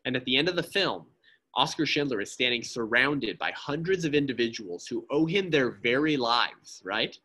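Impassioned male speaker with a husky voice. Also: medium pitch, bright, forceful tone. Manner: emphatic, keeps asking "right?" and addressing "friends". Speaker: pro-life speaker. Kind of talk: impassioned church talk.

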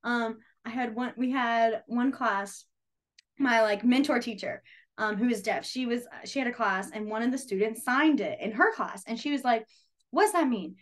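A young woman with a fairly high voice runs a beginners' sign language class in a casual, chatty way. She leans on fillers and tells animated stories from her teaching. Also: normal speed.

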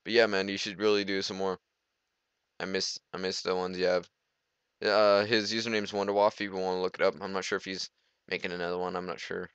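A man's voice: deep voice, little pitch movement, a little fast, fairly bright tone, smooth, no room sound, lo-fi sound. A teenage boy giving rambling, goofy let's play commentary, talking to himself as he plays. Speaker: gamer.

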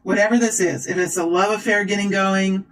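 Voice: medium pitch, a little fast, poor audio. A tarot reader talking to viewers during a card reading, gushing and exclaiming. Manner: excitable, exclaims and gushes.

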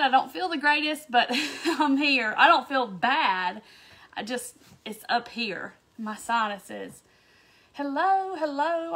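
A cheerful woman hosts a live craft stream. Her voice sits notably high, and her blocked sinuses give it a stuffy, congested sound. She chats in a bubbly, excitable way and greets her viewers by name. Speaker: craft livestream host. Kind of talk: casual livestream chat greeting viewers.

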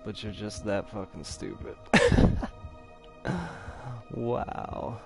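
A man's voice: lowish voice, steady tone, extremely slow, creaky, soft background music. A man hosting a video game let's play, trash-talking and laughing at the enemies he fights. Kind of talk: gameplay commentary.

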